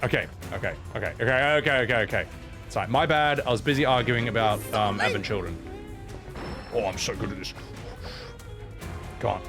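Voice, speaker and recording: A man streaming a video game, swearing and ranting at the controls, then mumbling softly to chat. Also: fairly low pitch, moderate pace, long pauses, over music. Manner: swears a lot, rants loudly at the game, then drops to soft mumbles. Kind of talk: live gameplay commentary.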